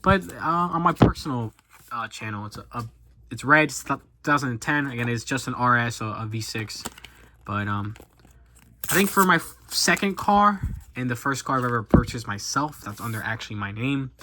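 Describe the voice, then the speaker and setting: Young man, twenties, casual vlog chat, rambling, self-deprecating, bright tone, mid pitch. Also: lively intonation, normal speed, a little hiss or hum. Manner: rambling, self-deprecating, many fillers and restarts. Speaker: YouTuber. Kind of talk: casual chat while opening cards.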